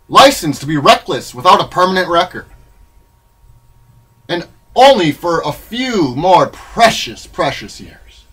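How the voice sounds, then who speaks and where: A man reading his own memoir in a rambling, wry, irreverent way, swinging between loud bursts and low mutters. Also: very animated, measured pace, husky, low-quality recording. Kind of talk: spoken-word memoir reading.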